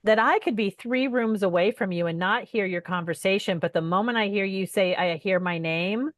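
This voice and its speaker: A woman's voice: mid-range voice, moderate pace, no room sound, clean studio sound. A woman co-hosting a podcast, chatting casually and asking curious questions. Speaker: podcast co-host. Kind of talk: casual chat.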